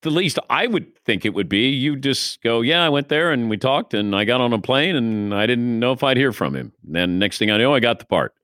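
A man's voice: mid-range voice, lively intonation, brisk, hardly any pauses, fairly bright tone, dry recording, clean studio sound. A man interviewing an actor in an engaged, conversational way. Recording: music bed underneath.

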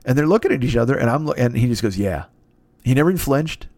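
A man in his fifties telling a rambling story in a casual, profane and excitable way. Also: mid-range voice, quick pace, no room sound. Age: 50s.

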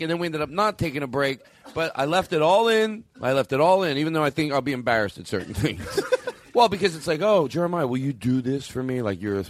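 A man's voice: fairly high pitch, a bit bright, a little hiss or hum. Playful podcast host man. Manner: playful, laughing, rambling. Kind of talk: comedic podcast banter.

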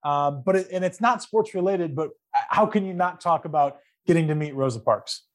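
A man's voice: a little high, moderate pace. A man hosting a sports podcast who asks long, rambling interview questions and searches for his words. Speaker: podcast host.

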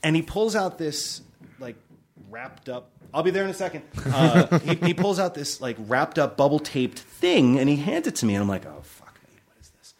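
A man in his forties, a film director telling stories in a casual chat, acting out quotes with big jumps in his voice. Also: normal speed. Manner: animated storyteller, acts out quotes with big pitch jumps. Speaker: film director, podcast guest.

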